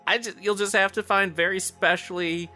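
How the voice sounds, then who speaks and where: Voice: mid-range voice, fairly even intonation, moderate pace, pushed and bright, faint music behind. A speaker in casual chat about designing a tabletop game class, playful and laughing often. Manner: playful, laughing, riffs into silly voices.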